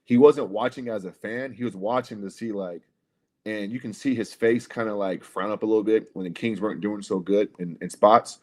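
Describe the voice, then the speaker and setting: A man's voice: fairly low pitch, normal speed, a little mellow. A man on a casual livestream telling a long, rambling story, swearing often and calling the listener "bro". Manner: profane, rambling, repeats "bro" and "right?". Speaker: podcast co-host telling a story.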